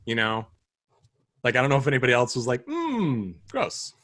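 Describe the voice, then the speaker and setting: A man's voice: medium pitch, flat delivery, fast talker, a bit bright, dry recording. A man co-hosting a film podcast, chatting casually about a movie, rambling with lots of fillers and restarts. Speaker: podcast co-host. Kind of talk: casual film review chat.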